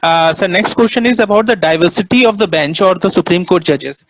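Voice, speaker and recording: Casting note: young male moderator, deferential and hesitant, fairly high voice, dry sound. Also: fairly quick, fairly bright tone, no echo, low-quality recording. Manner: deferential, hesitant, repeating "yes, sir". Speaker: student moderator reading questions. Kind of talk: webinar moderation. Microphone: video call.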